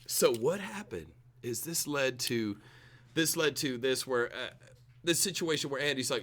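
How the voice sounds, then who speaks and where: Lively bright-voiced man. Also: medium pitch, measured pace. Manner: animated, laughing, mocking impressions. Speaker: podcast co-host. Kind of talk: casual drinking chat.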